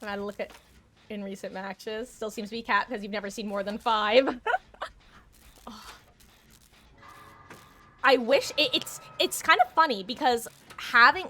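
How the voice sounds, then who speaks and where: A woman's voice: mid-range voice, normal speed, bright, forceful tone. A woman giving chatty, self-mocking live commentary on her game, laughing often. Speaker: streamer.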